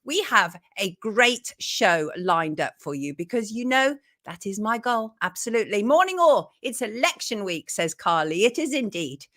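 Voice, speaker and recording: A woman's voice: mid-range voice, expressive, normal speed, few pauses, a bit bright. A woman hosting a live morning show, chatting and greeting viewers by name. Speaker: host.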